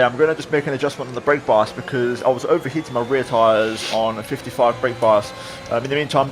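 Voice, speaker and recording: Brief: male sim racer narrating his race replay, easygoing, lots of fillers, noisy game audio behind. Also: mid-range voice. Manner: relaxed, reflective, with many fillers. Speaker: sim racing video creator. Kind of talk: replay commentary voice-over.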